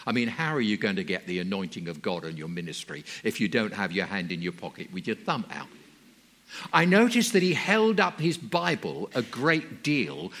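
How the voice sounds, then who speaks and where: A man preaching a sermon, telling stories in an earnest, measured way with emphatic rises. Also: mid-range voice, a bit bright.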